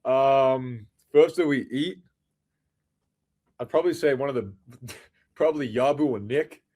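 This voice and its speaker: A man's voice: medium pitch, unhurried, warm tone. Laid-back young Australian man. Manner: laid-back, short easygoing answers. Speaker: basketball player guest. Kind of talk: casual interview chat.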